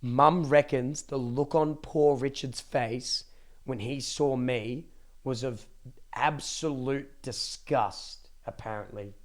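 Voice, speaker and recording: A young man, a streamer casually telling a family story to his live chat, emphatic and repetitive, swearing freely. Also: medium pitch. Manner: animated, emphatic repetitions and dramatic pauses.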